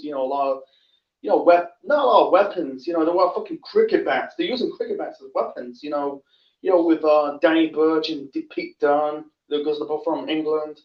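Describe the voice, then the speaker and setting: A man hosting a casual awards rundown. He rambles, corrects himself often and fills gaps with "you know" and "um". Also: on the high side. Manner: rambling, self-correcting, many fillers. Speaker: host. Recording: roomy, distant, dull lo-fi sound.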